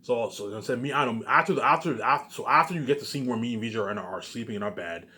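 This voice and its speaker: A man pitching his movie ideas in a rambling, casual monologue, stumbling over restarts, repeating stock phrases and swearing now and then. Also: rapid-fire, sharp tone. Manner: repetitive, stumbling restarts, keeps saying "you know what I'm saying" and "obviously".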